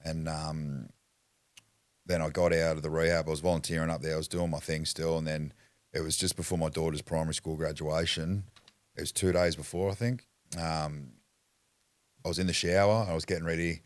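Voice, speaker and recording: A man with an Australian accent and an extremely deep voice recounts his past in a blunt, rambling way, swearing freely. The sound is close and dry, with no room echo. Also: flat delivery, fairly quick. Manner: rambling, restarts sentences. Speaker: podcast guest. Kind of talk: candid personal storytelling.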